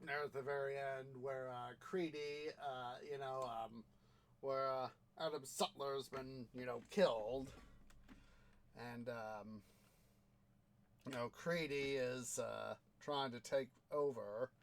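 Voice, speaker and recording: A man's voice: medium pitch, steady tone. A man with a Midwestern American accent casually commentating his Minecraft play alone, rambling with many fillers and counting items aloud. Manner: rambling, halting, many fillers and self-talk. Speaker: Minecraft let's player. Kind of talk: casual solo gameplay commentary.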